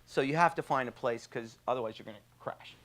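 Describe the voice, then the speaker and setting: A man's voice: mid-range voice, quick pace. A man, telling a story casually with many fillers and laughs. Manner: animated anecdote with frequent fillers and laughs. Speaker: trauma surgeon guest.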